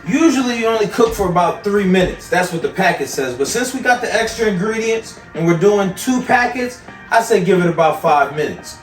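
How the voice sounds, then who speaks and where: A slightly high-voiced man jokes around while cooking, his pitch jumping about playfully. The room is echoey, with clear music behind him. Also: lively intonation, brisk, far from the mic. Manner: joking, playful. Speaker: cook on a show, host's brother. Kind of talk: casual chat while cooking.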